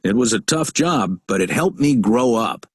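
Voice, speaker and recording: A man's voice: medium pitch, lively intonation, normal speed, breathy edge, no room sound. A middle-aged man playing a joking, genial uncle in a textbook audio dialogue. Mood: reminiscing. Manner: warm, teasing, storytelling.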